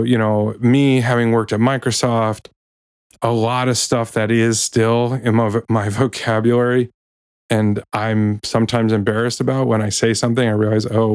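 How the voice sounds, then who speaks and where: This podcast host's voice is on the low side with a darkish tone, recorded dry with clean studio sound. He chats casually and reflectively, correcting himself and joking wryly about office jargon. Later he switches to reading from his own book.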